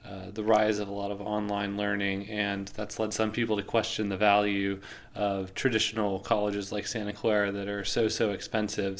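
A man interviewing a guest, murmuring as he listens, then asking measured questions. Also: fairly low pitch.

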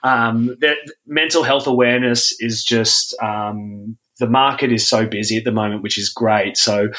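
A man's voice: medium pitch, normal speed. A man, a guest facilitator talking loosely in a casual podcast chat with many ums. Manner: relaxed, loose, often says 'um'. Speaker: guest, men's group facilitator.

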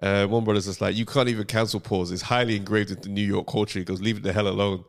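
A man's voice: lowish voice, fast. A young man, co-hosting a casual podcast, telling stories and laughing often. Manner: laughing, animated storytelling. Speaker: podcast co-host. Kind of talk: casual banter.

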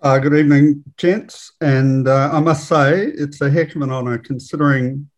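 A man's voice: on the high side, steady tone, normal speed. A man guesting on a rugby podcast, self-deprecating and a little hesitant. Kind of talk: casual sports podcast banter.

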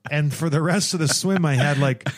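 A young man chatting casually as a guest, telling animated stories and acting out what people said. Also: on the high side, normal speed. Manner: animated storyteller, acts out quotes. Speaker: podcast guest. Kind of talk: casual chat.

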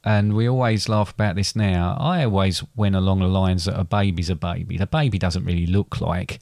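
A middle-aged man tells a family story as podcast co-host, often stumbling and repeating words. His voice sits on the low side. The recording is close and dry with no room sound. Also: steady tone, brisk, vocal fry, darkish tone, no room sound. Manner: hesitant, repeats words, gets choked up. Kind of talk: casual storytelling chat.

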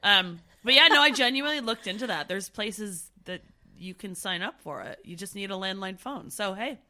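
A Canadian woman co-hosting a casual podcast, joking and frank, her voice raspy from being sick. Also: mid-range voice, moderate pace, sharp tone. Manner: joking, frank, laughs often. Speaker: podcast co-host. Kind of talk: casual chat.

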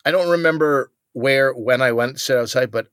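A man's voice: medium pitch, a little fast, fairly bright tone, smooth, dry recording, studio quality. A man co-hosting a podcast, telling a comic story in a casual chat and acting out other people's lines. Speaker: podcast co-host.

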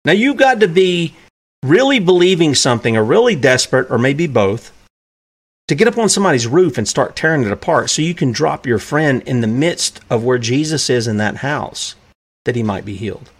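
A man's voice: medium pitch, sing-song, moderate pace. A man preaching a sermon who asks his listeners rhetorical questions and acts out the characters in the stories he tells.

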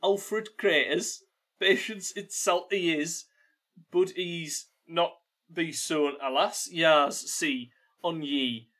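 A man's voice: a little high, bright, forceful tone. Man putting on a stumbling Geordie old-timer. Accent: put-on Geordie drifting into Yorkshire. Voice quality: halting, stumbling over the words.

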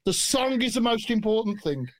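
A man telling stories in a casual interview, animated and jokey, swearing freely. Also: extremely high pitch, normal speed. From England. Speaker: guest musician.

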